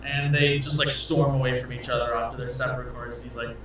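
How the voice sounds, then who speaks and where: A man's voice: medium pitch, completely flat delivery, fairly quick, fairly bright tone, soft background music. A man narrating a tabletop game as game master, rambling with many fillers. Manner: rambling, many uhs and likes, laughing. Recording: echoey room, far from mic.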